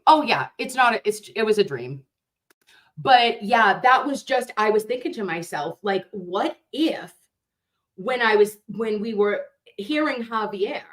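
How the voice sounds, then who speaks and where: A woman hosting a casual livestream chat, telling stories in a rambling, profane, animated way. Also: mid-range voice. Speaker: livestream host.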